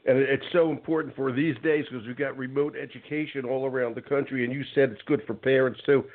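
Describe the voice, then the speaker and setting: A man hosting a casual radio talk show, chatty and rambling, spelling out web addresses slowly. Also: mid-range voice, fairly even intonation. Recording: phone-like narrow band.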